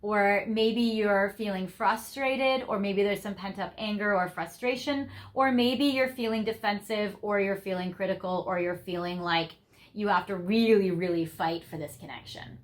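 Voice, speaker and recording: A young woman reads tarot for her viewers, gushing and effusive, laughing often as she talks through the cards. Her voice is medium-pitched and her speed normal.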